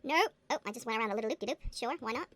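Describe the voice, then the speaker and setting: A woman's voice: a little high, lively intonation, rapid-fire, fairly bright tone, dry recording. A woman chatting to herself as she plays a game, giggly and playful, now and then slipping into a put-on accent. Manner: chatty, giggly, talks to herself while playing; slips into a playful mock accent. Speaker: gaming booktuber. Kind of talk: casual game commentary.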